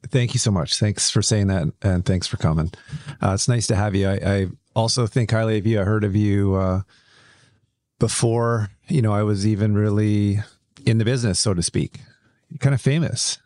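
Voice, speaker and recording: A man hosting an interview podcast, friendly and quick to laugh, a little hesitant in his questions. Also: lowish voice, darkish tone, no echo. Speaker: podcast host. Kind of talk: casual interview chat.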